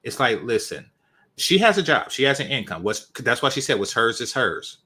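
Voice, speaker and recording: A man's voice: mid-range voice, big pitch swings, moderate pace, bright, forceful tone, slightly rough. A man hosting a reaction channel, giving opinionated commentary with emphatic repetitions. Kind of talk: commentary on a video.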